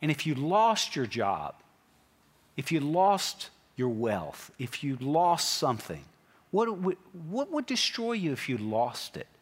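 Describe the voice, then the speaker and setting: A pastor preaching a sermon in a church, talking in an animated way and putting direct questions to his congregation. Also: fairly high pitch, slow, slightly rough. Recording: long hall reverb.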